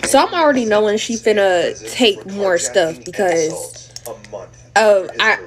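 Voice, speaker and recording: A teenage girl, chatting through a get-ready-with-me storytime on a phone camera in a slangy, animated way. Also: medium pitch, a little slow, a crowd in the background. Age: teens. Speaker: TikTok creator. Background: TV playing.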